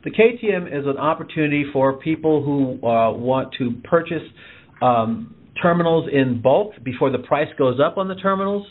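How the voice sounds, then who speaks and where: A man's voice: on the high side, animated, normal speed. Reassuring man explaining over a tinny phone line. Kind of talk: phone conversation.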